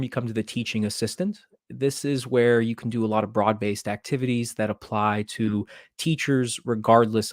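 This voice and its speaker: A man's voice: lowish voice, no echo, studio quality. A man who teaches middle school presents a webinar demo, explaining things steadily with the occasional filler. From Maryland, USA.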